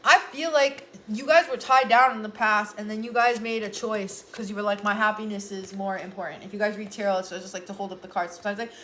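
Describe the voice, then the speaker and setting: A woman's voice: medium pitch, quick pace, hardly any pauses, pushed and bright, a little hiss or hum. A young adult woman doing a casual tarot reading vlog, talking in an earnest, rambling way and often restarting her sentences. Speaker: tarot reader.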